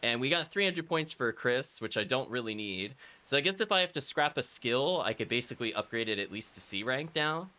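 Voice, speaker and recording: A man's voice: mid-range voice, expressive, a little fast, hardly any pauses, bright, forceful tone. A man streaming a video game, giving casual play-by-play commentary with wry asides to his chat. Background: game music.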